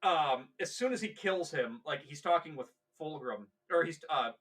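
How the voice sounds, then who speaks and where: Bright-voiced man chatting about a novel. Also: a little high, lively intonation, moderate pace. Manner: rambling, acts out characters' lines mid-story. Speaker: podcast co-host. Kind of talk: casual chat, retelling a novel.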